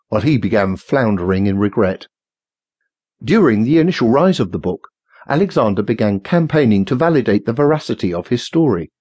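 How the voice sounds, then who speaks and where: A man with a husky voice reading a novel aloud in a measured, formal storytelling manner. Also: medium pitch, mellow, no room sound. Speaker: audiobook narrator. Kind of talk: scripted narration.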